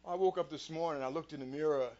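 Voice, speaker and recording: Preachy motivational host, fairly high voice. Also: male voice, fast talker, a little mellow. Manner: preacher-like, rhetorical questions, quotes scripture. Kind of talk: motivational talk. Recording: dull lo-fi sound.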